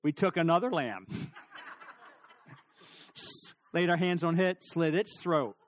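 A middle-aged man preaching a sermon, telling stories with lively emphasis, asking the congregation questions, and dropping to a near-whisper for serious points. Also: fairly high pitch, slow, dry recording. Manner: animated storytelling, rising emphasis and sudden drops to near-whisper. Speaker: pastor.

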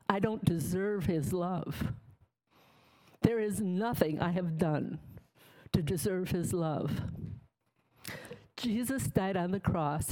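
Woman, low-pitched, slow and unhurried, candid spoken testimony, plainspoken and emotional. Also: a little mellow, poor audio. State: tearful. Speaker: testimony speaker. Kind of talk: personal faith testimony.

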